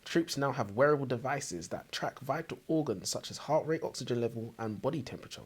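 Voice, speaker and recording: A man's voice: medium pitch, animated, fairly quick, slightly rough. Male co-host, mid-range voice, rambling, hesitant delivery for casual chat. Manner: rambling, hesitant with fillers and restarts. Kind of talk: casual book-review chat.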